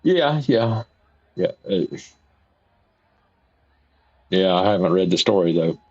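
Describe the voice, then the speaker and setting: Slow and animated, a livestream host with a low-pitched, darkish voice reads viewer comments and rambles in a folksy style, often repeating himself. The recording is dull lo-fi stream audio.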